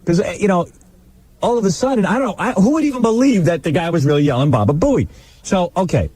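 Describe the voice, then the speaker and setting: Excitable fast-talking radio host. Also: male voice, high-pitched, breathy edge, dry recording. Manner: excitable, acts out quotes. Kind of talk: animated storytelling on talk radio. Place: radio studio.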